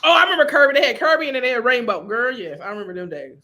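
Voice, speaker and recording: A woman's voice: on the high side, rapid-fire, sharp tone. A woman hosting a comedy podcast in casual chat, playful and slangy, with cackling laughs. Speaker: podcast host.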